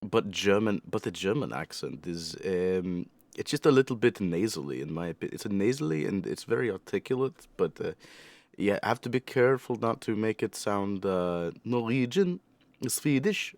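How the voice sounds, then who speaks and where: A man talks over an anime in a loose, rambling reaction chat, full of jokes and self-corrections. His voice is low-pitched and recorded close and dry, with no room sound. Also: very animated, moderate pace, no echo. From United States. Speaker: reaction video host. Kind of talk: casual rambling reaction commentary.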